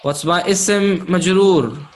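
A man's voice: high-pitched, slow pace. A man teaching Arabic grammar to a live class, patient, often checking whether students follow.

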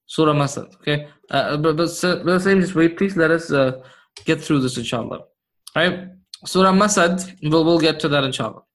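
A man's voice: a little high, moderate pace, a bit bright. A man teaching Arabic grammar to a class, repeating key points and checking understanding with short questions. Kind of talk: classroom lesson explaining Quranic grammar.

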